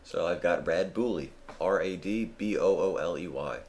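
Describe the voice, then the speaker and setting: A man's voice: deep voice, moderate pace, darkish tone. A man giving let's play commentary during a marathon stream, cracking dry, self-mocking jokes and rambling as he plays.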